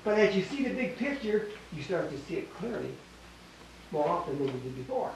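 A man's voice: high-pitched, big pitch swings, brisk, creaky. An older man with a Canadian accent teaching a Bible class in a small church hall, emphatic, repeating himself and quizzing his listeners. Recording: echoey room, distant mic, faint hiss.

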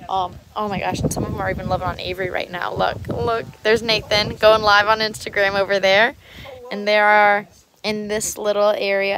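A woman's voice: medium pitch, flat delivery, normal speed, fairly bright tone. A woman livestreaming a casual walkthrough outdoors on a handheld phone, gushing and cooing sweetly at cats. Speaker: livestreaming vlogger. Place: outdoor animal sanctuary.

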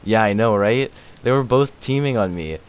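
A young man chatting casually on a live game stream, excitable and laughing often, his voice worn out. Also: fairly low pitch, normal speed, smooth. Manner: excitable, laughs often, yelps and shouts when startled.

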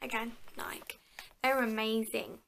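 A woman's voice: on the high side, little pitch movement, slow, gravelly, noisy background. A young woman from England chatting casually to viewers as a fitness vlogger, full of fillers and asides. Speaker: fitness vlogger, personal trainer. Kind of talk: casual show-and-tell vlog.

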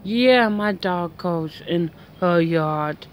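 A woman's voice: lowish voice, extremely slow, a little hiss or hum. A woman vlogging outdoors at home in a casual, rambling chat full of fillers and restarts.

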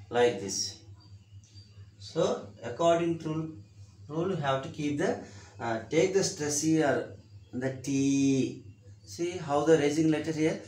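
A man's voice: on the high side, a little slow, darkish tone, echoey room. Man teaching, with a Telugu accent. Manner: repetitive, spells words out letter by letter. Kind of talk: classroom grammar lesson.

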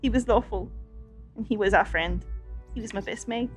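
A woman voicing a grieving young male adventurer, a simple and hot-headed man who shouts through his tears. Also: medium pitch, moderate pace, faint music behind, natural voice. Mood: mournful.

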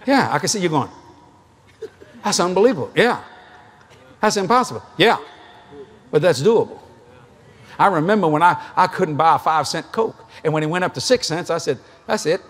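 A man's voice: a little high, animated, fairly quick, a bit bright. A middle-aged man preaching a sermon at a convention, telling folksy stories and acting out the dialogue. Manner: folksy storytelling, acts out dialogue, laughs often. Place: large convention hall, live audience.

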